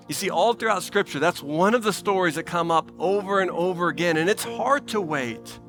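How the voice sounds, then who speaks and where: Speaking a little fast with few pauses, a pastor gives an earnest, pleading sermon against soft background music. Phrases get repeated for emphasis, and he moves between animated bursts and soft, low asides.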